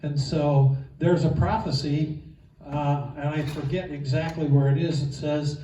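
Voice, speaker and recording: A man with a slightly high, dark-toned voice teaches an informal Bible geography class at a measured pace with fairly even intonation. He's enthusiastic and conversational, using fillers. The mic is distant in an echoey room, so the sound is dull, with a little hiss or hum.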